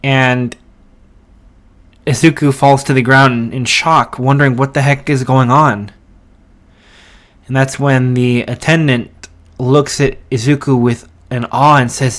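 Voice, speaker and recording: Slow, hesitant male storyteller. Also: mid-range voice, steady tone, fairly bright tone. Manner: hesitant, many fillers and restarts. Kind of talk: casual fan story narration.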